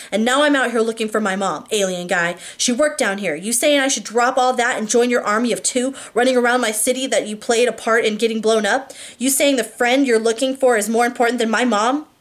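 A woman's voice: on the high side, fairly quick, natural voice. A woman voicing a brash, streetwise teenage girl who talks bluntly and mockingly, firing off questions. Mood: sassy.

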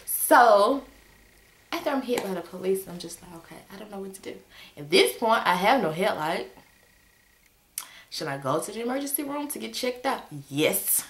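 A woman casually telling a story to her viewers in a vlog, retelling it with exasperated, animated energy. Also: moderate pace, echoey room. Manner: animated, exasperated retelling with sudden pitch jumps.

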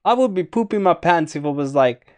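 Excitable man reacting, lively pitch. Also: a little fast. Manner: excitable, rambling, exclaims often. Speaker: reaction video host. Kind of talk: casual reaction commentary.

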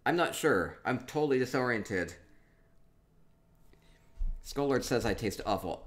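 Playful low-voiced male streamer. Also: lively intonation, normal speed. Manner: playful, rambling, thinking aloud. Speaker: streamer touring player homes in a game. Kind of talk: casual live-stream commentary.

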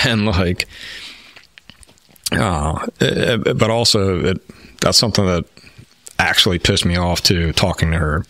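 A man's voice: sits low, unhurried, long pauses, sharp tone, no echo. A man in his forties, a firefighter guest, telling a candid story in a rambling, frank way, with many fillers and some swearing.

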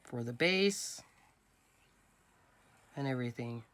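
A woman's voice: extremely low pitch, expressive, takes it slowly, fairly bright tone. A woman hosting a craft tutorial, talking casually and instructively while she works step by step with her hands. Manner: chatty, instructive, talks while working with hands.

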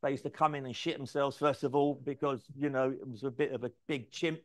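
A man, telling career stories in a lively, swearing, anecdotal way. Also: mid-range voice, a little fast. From London, England. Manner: lively, swears freely, acts out dialogue. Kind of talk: anecdotal storytelling talk.

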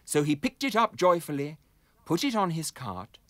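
A man's voice: a little high, moderate pace, no echo. Man reading a kids' fairy tale, voice swooping all over, dry close sound. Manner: expressive, sing-song storytelling. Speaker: narrator. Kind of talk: storybook reading.

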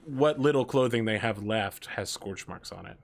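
A man's voice: lowish voice, expressive, normal speed, vocal fry, a loud crowd. A man narrating a tabletop game as game master, casual and descriptive, with fillers.

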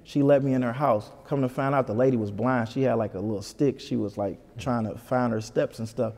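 A comedian from Detroit tells a story at a quick clip, acting out voices for the people in it. His voice is gravelly and dark in tone. The sound carries a long reverb, as if in a hard, open room. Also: medium pitch. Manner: animated, puts on voices for people in his stories. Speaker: comedian guest. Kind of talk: storytelling in a casual interview.

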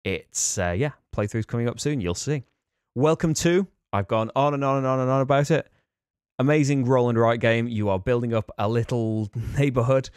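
A man's voice: mid-range voice, moderate pace, a little mellow, smooth, no room sound, clean studio sound. A man hosting a board game channel, talking through a casual rambling preview with enthusiasm, fillers and small laughs.

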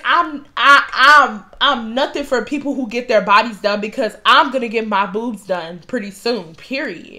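A young woman vlogger with a fairly high voice tells a work story in a casual, animated, profane storytime monologue, often getting loud for emphasis.

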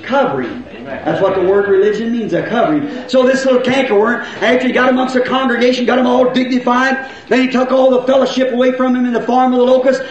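A man preaching a folksy sermon, swinging between loud shouts and low asides. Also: quick pace. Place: church. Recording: echoey, muffled old church recording.

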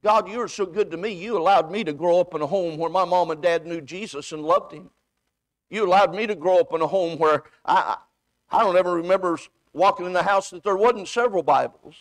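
A man's voice: high-pitched, brisk, no room sound. A man preaching a sermon as a visiting evangelist. He tells personal stories in a folksy way, acting out both sides of the conversations and often repeating his words. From United States. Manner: folksy storytelling, acts out dialogue, repeats words. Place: church sanctuary.

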